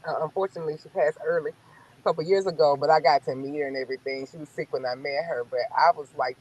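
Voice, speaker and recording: A woman with a Southern US accent, telling stories in a sassy, blunt, animated way during a casual chat. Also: deep voice, fast, lo-fi sound, a little hiss or hum. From American South.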